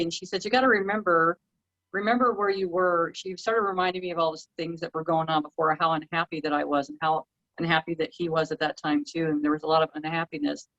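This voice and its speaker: A woman's voice: lowish voice, fairly bright tone, no room sound, highs cut off. A woman co-hosting a casual spiritual talk show, reflecting on her own experiences. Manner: reflective, relating personal experiences. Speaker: co-host.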